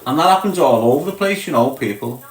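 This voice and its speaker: A man's voice: medium pitch, animated, fast talker. A man with a Scouse accent chatting bluntly to his livestream viewers, calling them lad and mate. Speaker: livestream host. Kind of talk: casual chat to viewers. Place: small box room indoors. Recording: roomy echo.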